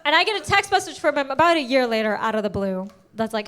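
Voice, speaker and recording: A woman comedian performing a stand-up set on stage, telling stories with animated energy and laughing at her own jokes. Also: high voice, quick pace.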